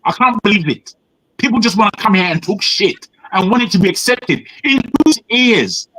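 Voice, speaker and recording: A man's voice: sits high, lively intonation, moderate pace, bright, forceful tone, dry recording, rough recording. A man from Nigeria, hectoring a panel with heated rhetorical questions. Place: living in the West.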